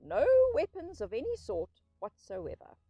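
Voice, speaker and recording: A stern old badger, wise and severe, speaks in a thin, dry voice, as a woman reader puts him on. His pitch climbs and falls widely as he scolds and soothes. Faint music sits under this storybook reading. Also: wildly swooping pitch, measured pace, breathy edge, no room sound, heavily acted. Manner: severe, commanding, then gently soothing.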